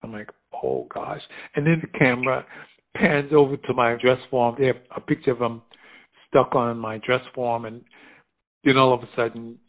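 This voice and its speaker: A middle-aged man from the United States telling stories in a casual conversation, animated and quick to laugh, acting out the voices of people he quotes. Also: medium pitch. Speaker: fashion designer guest. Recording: phone-like narrow sound.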